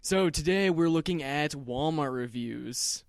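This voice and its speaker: A young man co-hosting a comedy podcast who laughs easily and chimes in with quick agreement. His voice sits a touch higher than most men's. The recording is close and dry. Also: no room sound. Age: young adult. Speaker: podcast co-host. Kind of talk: casual comedic chat.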